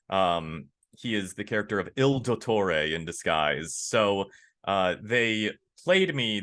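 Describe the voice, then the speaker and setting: A man, a voice actor, chatting casually in an interview, animated and candid, laughing easily. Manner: animated, acts out quoted lines with big pitch jumps. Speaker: voice actor guest.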